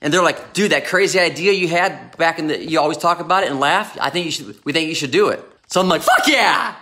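A man talking in an unscripted vlog from his home garage, brash, loud and hyped, swearing constantly. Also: fairly high pitch, fast talker. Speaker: mindset coach and vlogger. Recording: roomy garage echo.

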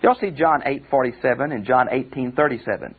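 A man's voice: medium pitch, fairly quick, slightly rough. An older man, a pastor giving a conversational Bible commentary lecture and calling his listeners friends. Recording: tinny phone-like audio recording.

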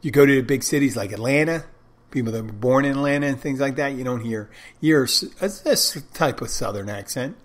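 With a mid-range voice and a brisk delivery, a male podcast host rambles through a solo episode. He digresses freely, working out his thoughts as he goes in a loose, casual way.

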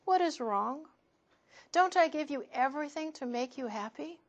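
A woman reading aloud and voicing a big, gentle male dog in a children's storybook, in a raised, coaxing voice. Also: high voice, lively intonation, moderate pace, muffled recording, voice pushed up.

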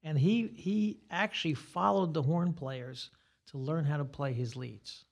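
An older man, a guitar teacher, talking in a relaxed podcast chat and rambling through examples as he explains. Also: fairly high pitch, measured pace, vocal fry, muffled recording. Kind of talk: casual podcast conversation.

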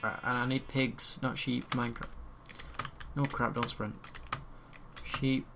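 Give me a young man muttering through a let's play, over loud keyboard typing on a home mic. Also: mid-range voice, level tone, takes it slowly, background noise. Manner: chatty, mutters and repeats words while playing. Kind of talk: casual gameplay commentary.

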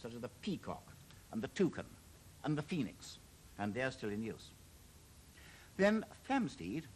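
A man's voice: medium pitch, a little hiss or hum, low-quality recording. A man in his sixties presenting an educational television programme, enthusiastic and chatty, with wry humorous asides.

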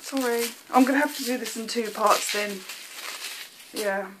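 A woman's voice: a little high, moderate pace, a bit bright, a little hiss or hum. An English woman vlogging an unboxing, gushing with thanks in casual chat. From England.

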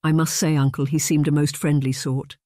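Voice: mid-range voice, flat delivery, fairly quick, no echo, studio quality, natural voice. A narrator doing a polite young lady. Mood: earnest. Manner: gentle, formal, old-fashioned.

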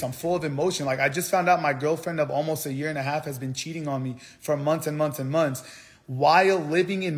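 A young man telling a heated story on a livestream, swearing often and repeating himself as he rants. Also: fairly high pitch. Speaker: streamer.

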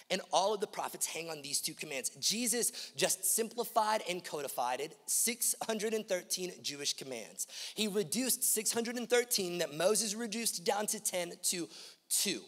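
A man preaching a sermon as pastor, swinging from hushed lines to loud, emphatic repetition and asking the congregation direct questions. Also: mid-range voice, lively intonation, moderate pace, big-room sound. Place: large church auditorium.

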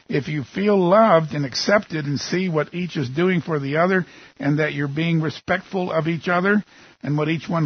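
A man's voice: on the high side, breathy edge, no echo, highs cut off. A man in his sixties, a pastor, giving a sermon that opens with a prayer and speaks earnestly through rhetorical questions.

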